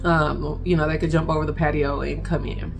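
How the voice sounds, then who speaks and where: A woman recounting a frightening personal experience to her viewers, speaking in halting bursts and addressing them directly. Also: low-pitched, little pitch movement, vocal fry, soft background music. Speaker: vlogger telling a personal story. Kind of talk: emotional personal storytelling.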